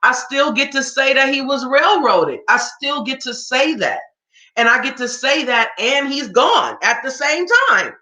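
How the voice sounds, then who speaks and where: Woman, reaction commentary rant, rhetorical questions, bright voice, roomy echo. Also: high-pitched, animated, measured pace. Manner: emphatic, rhetorical questions, informal. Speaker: political commentator.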